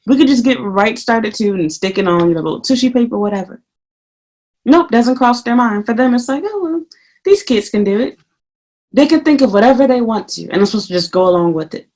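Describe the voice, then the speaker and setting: A woman vlogging casually, venting heatedly about her work as a teacher and swearing freely, her voice a little hoarse. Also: fairly high pitch, fast, darkish tone. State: slightly hoarse. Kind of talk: casual ranting vlog.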